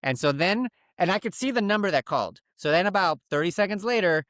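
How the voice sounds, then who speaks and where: A man's voice: high-pitched, expressive, quick pace, a bit bright, no room sound, studio quality. A man co-hosting a podcast, telling a story in casual chat and acting out phone calls in put-on voices. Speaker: podcast co-host.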